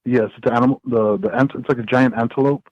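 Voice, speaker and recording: A man of middle pitch rambles through a story with lots of "uh" and "you know," talking as a podcast guest. The sound is dry and close, with no room echo. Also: fast talker, highs cut off. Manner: rambling, animated storytelling with many fillers and restarts. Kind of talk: casual storytelling in a podcast interview.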